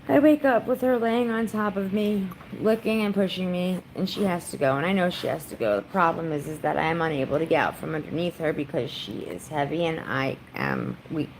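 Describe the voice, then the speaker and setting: A woman's voice: lowish voice, brisk, hardly any pauses, darkish tone, a little hiss or hum, rough recording. A woman vlogger chatting casually on a livestream from her home during a storm, doting on her dog.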